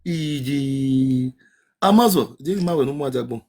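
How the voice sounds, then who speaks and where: A man with a Nigerian accent chatting on a live stream, chanting sing-song calls and swinging between loud shouts and low mutters. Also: lively intonation, moderate pace. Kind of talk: casual live-stream chat to viewers.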